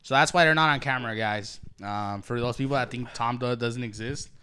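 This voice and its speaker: A man's voice: medium pitch, steady tone, fairly quick, sharp tone, smooth. A young man hosting a casual joking chat, teasing and swearing, laughing often. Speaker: host.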